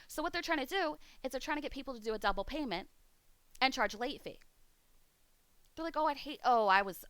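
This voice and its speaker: A woman's voice: fairly high pitch, sharp tone, clear, resonant tone, no echo. A woman streamer chatting casually, swearing freely as she rants. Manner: profane, ranting. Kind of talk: casual chat. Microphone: streaming mic.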